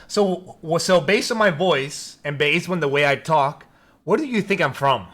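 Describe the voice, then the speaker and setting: A man's voice: on the high side, lively intonation, moderate pace, fairly bright tone. A man streaming as he chats casually and teases a talking AI in a pushy, joking way. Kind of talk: casual chat.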